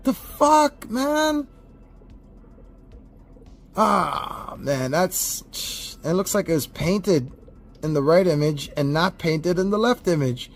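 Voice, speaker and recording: A man with a slightly higher voice runs a casual toy unboxing review. He talks straight to his viewers, swearing freely and ranting in an animated, exasperated way. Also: takes it slowly, vocal fry, faint music behind. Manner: animated, profane, exasperated rants.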